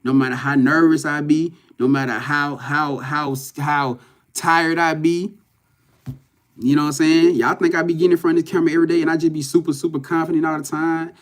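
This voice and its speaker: A man's voice: a little high, little pitch movement, brisk. A man, talking loosely to livestream viewers as a spiritual reader, swearing and often saying "you know what I'm saying". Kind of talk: casual livestream talk to viewers. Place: in front of a camera at home.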